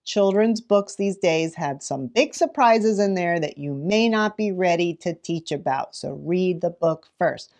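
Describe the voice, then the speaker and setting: Brief: middle-aged woman teacher, fairly low voice, animated, dramatic storyteller, gasps for effect. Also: unhurried, few pauses. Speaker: teacher and children's librarian. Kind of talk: teaching tips to camera.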